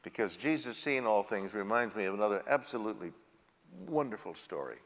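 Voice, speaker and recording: A man's voice: fairly low pitch, lively intonation, fairly quick, a bit bright, long reverb tail. A male pastor preaching a sermon in a jovial way, stretching out key words for emphasis. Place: church sanctuary.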